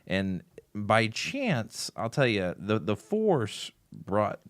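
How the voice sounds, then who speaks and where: Podcast co-host: man, low voice, dry close sound, animated storyteller. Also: very slow, dry recording. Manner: animated storytelling, acting out quotes. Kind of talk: casual fan chat.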